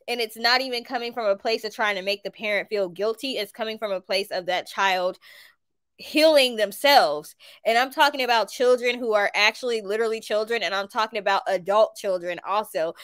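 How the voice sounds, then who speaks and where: A woman's voice: mid-range voice, fairly bright tone, dry recording. A woman with a Southern US accent giving a tarot reading to viewers, talking emphatically and repeating her points. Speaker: tarot reader.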